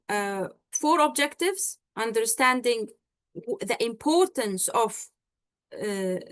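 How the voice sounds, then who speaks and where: A woman tutoring medical exam candidates in an online session. She explains step by step, often checking in with "okay?" and "all right?" and pausing on fillers. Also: fairly high pitch, a bit bright, no echo.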